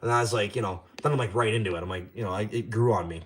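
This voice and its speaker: A man's voice: fairly low pitch, very fast, slight background noise. A young Canadian man hosting a casual livestream from his garage, rambling and swearing as he reads chat. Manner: rambling, profane, trash-talking. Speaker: livestream host. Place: home garage.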